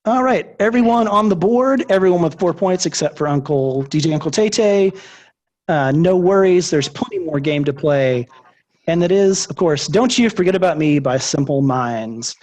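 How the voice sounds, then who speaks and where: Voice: medium pitch, animated, moderate pace, a little mellow. A host running a movie trivia game over a video call, chatty and upbeat.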